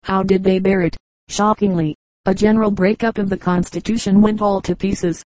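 A woman reading an old humorous magazine piece aloud as an audiobook, in an even, unhurried manner. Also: mid-range voice, dry recording, low-quality recording. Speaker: audiobook reader.

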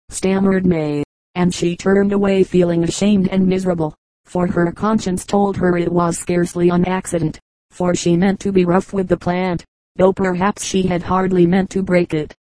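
A woman narrating an audiobook of children's stories in a measured, even reading. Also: lowish voice, no echo, low-quality recording. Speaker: audiobook reader. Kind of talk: storybook narration.

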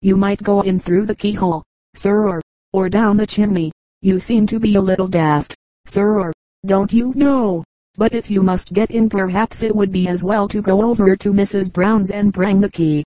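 A woman voicing a sour, peevish elderly neighbor who scolds through a window in a shrill, nagging voice, in an audiobook reading. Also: fairly even intonation, moderate pace, dark tone, no room sound, lightly acted, poor audio. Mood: peevish scolding. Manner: scolding, repeats "don't you know".

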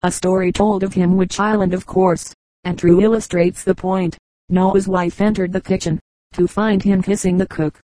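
A woman's voice: fairly low pitch, flat delivery, normal speed, darkish tone, dry recording, poor audio. A woman reading a collection of short humorous anecdotes as an audiobook narrator. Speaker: audiobook reader.

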